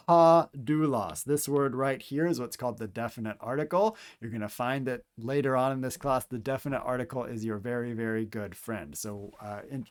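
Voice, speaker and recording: A man teaching how to handwrite Greek letters, calmly explaining each stroke step by step, with playful asides now and then. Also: medium pitch. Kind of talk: handwriting tutorial instruction.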